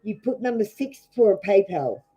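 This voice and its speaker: A woman's voice: mid-range voice, animated, moderate pace, warm tone, slightly rough, lo-fi sound. A woman with an Australian accent doing a live tarot reading, blunt and scolding, swearing freely as she talks to viewers. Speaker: tarot reader.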